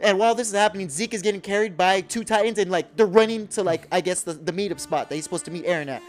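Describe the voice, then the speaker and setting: A man on a podcast excitedly recapping an anime episode, swearing a lot and acting out characters' lines in a lower voice. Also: fast talker, soft background music. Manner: profane, acts out character lines in a low voice. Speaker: podcast co-host.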